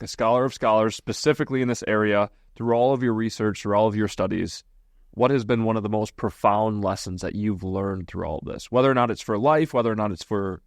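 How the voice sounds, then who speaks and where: A man hosting a podcast asks a long, earnest question, stacking clause on clause and repeating words as he builds up to it. His voice sits fairly low. The recording is dry and close. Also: no room sound. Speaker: podcast host. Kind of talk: podcast interview.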